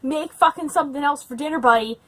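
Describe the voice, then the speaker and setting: A young woman at home, tipsy on wine, chatting casually to camera and ranting with lots of swearing and loud outbursts. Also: sits high, quick pace. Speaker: book vlogger. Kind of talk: casual drunk reading vlog.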